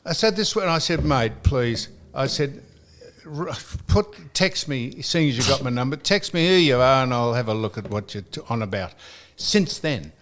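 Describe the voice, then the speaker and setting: A man's voice: mid-range voice, animated, moderate pace, fairly bright tone. An Australian man hosting a casual podcast chat, telling a story animatedly, acting out both sides of a phone call, swearing freely and laughing between lines. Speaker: podcast host.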